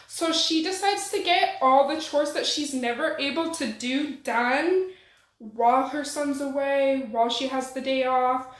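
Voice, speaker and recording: A woman book reviewer gives a casual recap of a thriller novel in a high, slightly bright, unhurried voice. She's chatty and slangy with playful asides to the viewer, and the recording has a roomy echo.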